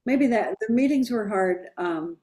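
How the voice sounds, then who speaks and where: A woman's voice: medium pitch, lively intonation, unhurried, mellow. A woman publisher with an East Coast American accent, talking casually and bluntly in an interview and laughing often.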